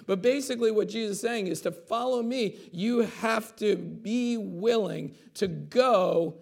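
Male pastor, high-pitched gravelly voice, chatty sermon delivery with frequent asides. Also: a little slow. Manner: conversational preaching, acts out quotes with asides like "okay?".

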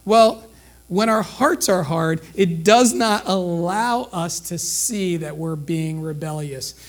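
A man with a fairly high voice preaches a sermon to his congregation. He talks in a relaxed, conversational way, acts out short exchanges between characters, and keeps asking his listeners "okay?". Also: slow.

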